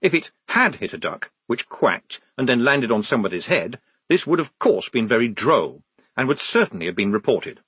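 A man's voice: mid-range voice, very animated, moderate pace, fairly bright tone, breathy edge, no echo. A man reading a comic novel aloud with dry, wry delivery on a close studio mic. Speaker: narrator. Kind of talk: audiobook narration.

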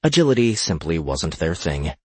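A man reading a fantasy gaming story aloud in a steady narrating voice. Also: sits low, moderate pace, husky, dry recording.

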